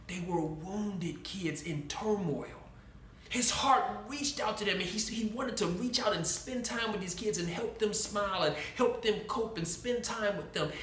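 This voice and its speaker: A man's voice: fairly high pitch, fairly bright tone. A man hosting a talk about faith, telling a story earnestly and in a preaching tone, with some restarts. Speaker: host. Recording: echoey room.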